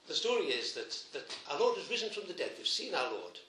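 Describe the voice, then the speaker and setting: A man, a priest, preaching a sermon, retelling a gospel story gently with emphatic repetitions. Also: a little high, sing-song, a little fast, reverberant, slight background noise.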